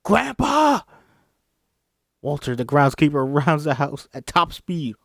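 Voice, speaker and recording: A man's voice: fairly high pitch, normal speed, fairly bright tone, dry recording, clean studio sound. A man reading a film script aloud in a casual way, often stumbling, correcting himself, and apologizing. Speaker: script reader.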